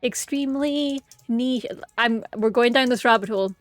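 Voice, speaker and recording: A woman's voice: fairly high pitch, moderate pace, dry recording, soft background music. A woman chatting casually and rambling playfully on a game stream, giggling often. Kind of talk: casual gaming stream chat.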